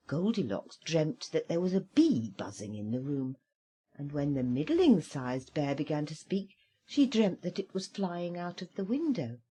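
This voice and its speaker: Slow breathy woman reading a fairy tale. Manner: expressive, swooping pitch with dramatic slowdowns. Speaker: storyteller. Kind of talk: storybook reading aloud.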